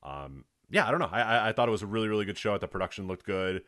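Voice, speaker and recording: Fast-talking lower-voiced man. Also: animated, a bit bright. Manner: quick, agreeable, laughs often. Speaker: podcast co-host. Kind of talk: casual wrestling podcast chat.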